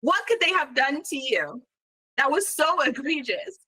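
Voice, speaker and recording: A woman co-hosts a casual commentary chat with a bright, ringing voice. Her pitch sits a little high and leaps around constantly. She keeps tossing rhetorical asides at her listeners. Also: a little slow, rough recording. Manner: animated, chatty, rhetorical asides. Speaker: show co-host.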